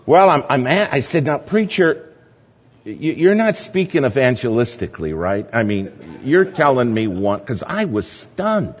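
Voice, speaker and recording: A man speaking at a church gathering, telling a sermon story in a lively anecdotal way and chuckling at his own tale. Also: mid-range voice, unhurried, slightly rough. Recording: dull, echoey hall recording.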